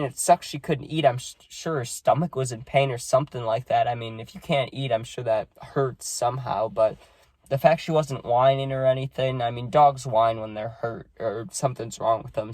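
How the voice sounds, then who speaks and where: A sad, subdued man rambles casually to his viewers with lots of fillers. His voice sits in a middle pitch. The sound is dry and close, with no room echo. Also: darkish tone. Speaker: vlogger. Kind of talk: casual vlog talk.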